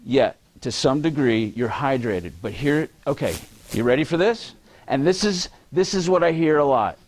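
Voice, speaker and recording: A man's voice: a little high, normal speed. A man giving a university lecture, quizzing the audience and joking as he goes. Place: lecture hall.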